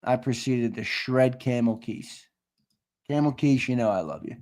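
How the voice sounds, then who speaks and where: A man's voice: mid-range voice, measured pace, darkish tone. A man hosting a sports show in casual livestream chat, brash and profane. He reads and answers the live chat, laughs often and repeats himself. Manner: brash and profane, with trash talk.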